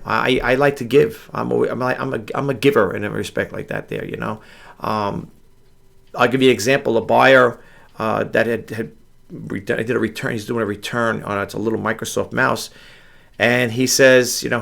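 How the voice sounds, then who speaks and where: Man, middle-aged, from New York, gravelly voice, tired, rambling, repeats himself, late-night home vlog. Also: mid-range voice, a bit bright. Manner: rambling, repeats words, drifts between stories. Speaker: online reseller vlogger. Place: home room with a grandfather clock.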